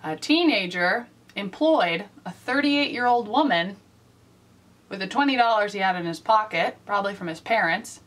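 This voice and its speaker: Woman vlogger with wry deadpan asides. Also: fairly high pitch, far from the mic. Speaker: vlog host. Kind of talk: casual comedic vlog.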